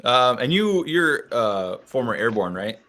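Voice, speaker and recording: A man's voice: mid-range voice, big pitch swings, measured pace, bright, forceful tone. A man hosting a casual livestream book chat, laid-back and self-deprecating, laughing often. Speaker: podcast host.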